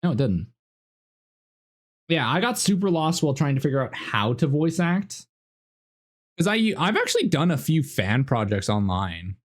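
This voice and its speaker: A young Canadian man with a Canadian accent chatting excitedly while streaming a game. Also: fairly high pitch, moderate pace, pauses often. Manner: excitable, animated. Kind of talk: casual gameplay commentary.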